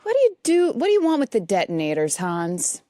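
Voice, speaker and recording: A woman's voice: medium pitch, huge pitch swings, fairly quick, mellow. A woman playing a wisecracking tough-guy cop. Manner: gruff swearing, wisecracks. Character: tough wisecracking male New York cop.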